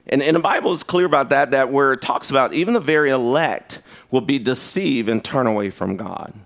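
A man preaching a conversational sermon. He tells stories in an animated way, and his pitch jumps sharply. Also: fairly quick, creaky.

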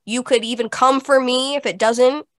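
A woman co-host speaks emphatically and insistently, filling her talk with "like" as she makes her point. Her voice sits a little high, and the sound is dry and close. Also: fairly even intonation, normal speed, no room sound. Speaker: podcast co-host. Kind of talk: casual spiritual chat.

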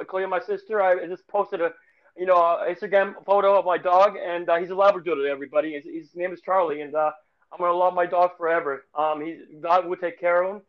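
A man co-hosting a casual sports podcast, talking in a halting, emotional way with many restarts and repeated words. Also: high-pitched, muffled recording. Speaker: podcast co-host.

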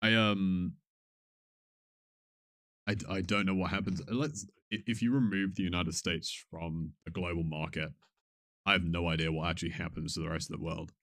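Deep-voiced male podcast co-host, measured and hesitant, dry close sound. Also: fairly even intonation, fairly bright tone, no room sound. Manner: measured, thoughtful, hesitant fillers. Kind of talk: casual podcast chat.

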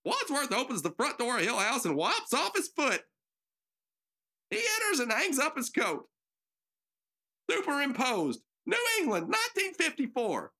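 A woman reads stage directions for a homemade radio drama, her gravelly voice bright and lively in pitch. She sounds nervous, giggles, and tosses in joking asides between the lines. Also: moderate pace, pauses often. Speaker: narrator.

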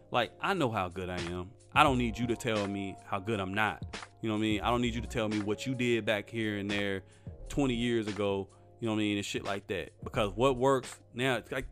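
A young man venting about an old job in a loose, profane, defiant rant. His pitch sits in an ordinary middle range, with faint music in the background. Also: fairly bright tone. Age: young adult. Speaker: vlogger. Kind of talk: casual storytelling rant.

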